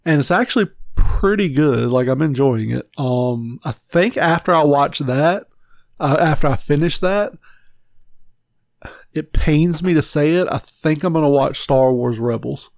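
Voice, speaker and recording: A man's voice: fairly high pitch, lively intonation, measured pace, creaky, dry recording. A man co-hosting a podcast, rambling bluntly with frequent swearing in casual chat. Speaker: podcast co-host.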